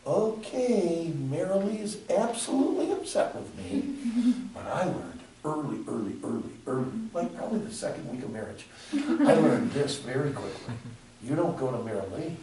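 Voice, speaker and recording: Animated man teaching in an echoey room. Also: fairly high pitch, normal speed. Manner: animated, acts out both sides of dialogues, laughs often. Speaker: ministry teacher. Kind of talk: classroom teaching. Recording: echoey room from far off, faint noise.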